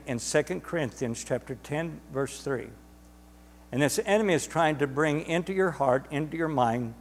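In a church sanctuary, a man with a mid-range, slightly mellow voice preaches a sermon to his congregation, with a long reverb tail trailing his words. He's emphatic and repetitive, stretching words out for stress.

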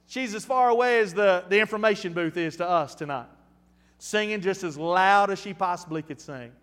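A man in his fifties preaching a storytelling sermon, folksy and animated, with frequent restarts. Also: sits high, moderate pace, long reverb tail. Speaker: pastor.

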